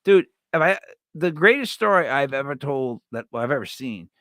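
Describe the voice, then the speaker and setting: A man hosting a live stream, chatting casually and telling stories with lots of restarts and sudden loud yells. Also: medium pitch, expressive, normal speed, no room sound, clean studio sound. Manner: rambling storyteller with many restarts, bursts into loud yells. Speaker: livestream host.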